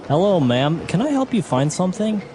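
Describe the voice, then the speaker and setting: A man's voice: a little fast, noisy background. A man playing a flustered, apologetic camera store clerk in a scripted learner dialogue, hesitating often. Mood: eager salesman. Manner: hesitant, apologetic, lively pitch. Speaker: actor in a listening dialogue.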